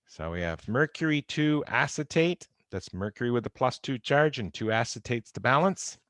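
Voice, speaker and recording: Recorded on a close computer mic during a video call, the audio is dry and studio quality. A man with a medium-pitched, fairly bright voice and lively intonation talks at normal speed, wryly walking his chemistry students through exam answers in an informal lecture.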